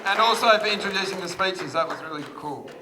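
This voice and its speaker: An Australian man in his thirties, his voice sitting high and moving a little fast, gives a chatty, self-deprecating wedding speech as the groom and laughs often. He's in a wedding reception hall, and the recording picks up a crowd of guests chattering in the large room.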